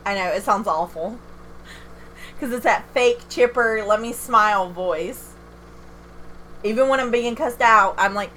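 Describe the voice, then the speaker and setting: A woman's voice: fairly high pitch, measured pace, pauses often, sharp tone, a little hiss or hum. A middle-aged woman streaming a game from home, chatting candidly and self-deprecatingly with viewers and laughing often. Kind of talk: casual livestream chat.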